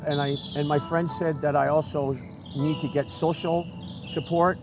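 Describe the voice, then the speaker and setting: A man's voice: fairly high pitch, steady tone. Earnest man telling his story over music. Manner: earnest, halting, with frequent restarts. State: emotional. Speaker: guest speaker. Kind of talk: personal storytelling. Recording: music playing under the voice.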